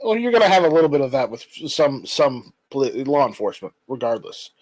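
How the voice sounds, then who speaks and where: A man's voice: medium pitch, very animated, a little fast, darkish tone, no room sound, poor audio. A man co-hosting a casual talk show, affirming others and musing aloud. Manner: affirming, musing, many "right"s. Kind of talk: casual chat.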